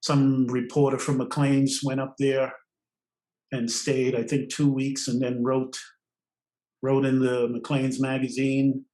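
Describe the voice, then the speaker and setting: An older man from Trinidad, a podcast guest, telling stories in an animated way and laughing often between phrases. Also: mid-range voice, takes it slowly, roomy sound, poor audio. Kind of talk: storytelling interview.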